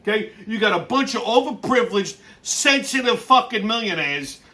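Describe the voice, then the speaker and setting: Loud, cursing, exasperated male host. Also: high voice, expressive, normal speed. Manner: loud, exasperated, swearing constantly, laughing at the news. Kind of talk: profane rant-style commentary.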